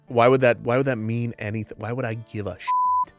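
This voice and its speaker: A man's voice: medium pitch, fairly even intonation, brisk, fairly bright tone, soft background music. A man hosting a comedic commentary show, ranting in an exasperated, sarcastic way.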